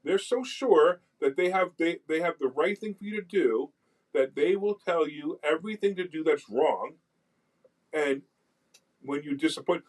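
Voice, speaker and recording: A man hosting a radio money show in casual chat, emphatic and animated, quizzing his guests. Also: on the high side, unhurried, rough recording.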